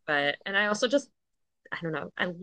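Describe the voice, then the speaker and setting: A woman's voice: medium pitch, expressive, a little fast, pushed and bright. A woman guest on a podcast, chatting casually and upbeat, laughing often as she talks. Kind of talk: casual interview chat.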